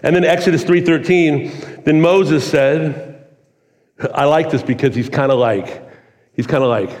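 A man preaching a sermon in a relaxed, conversational way, full of "like" and "kinda.". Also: on the high side, a little slow, pauses often. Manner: casual, conversational preaching with many "like"s. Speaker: pastor. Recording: long hall reverb.

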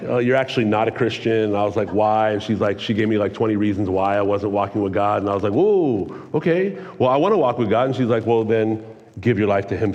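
A man in his forties preaching a sermon, telling a personal story with energetic, earnest, excitable delivery. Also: fairly low pitch, lo-fi sound. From California. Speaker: pastor. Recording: long hall reverb.

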